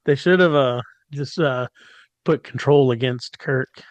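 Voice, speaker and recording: A man's voice: medium pitch, unhurried, no echo. Man chiming in, dry sound. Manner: brief interjections. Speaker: podcast co-host. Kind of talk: casual chat.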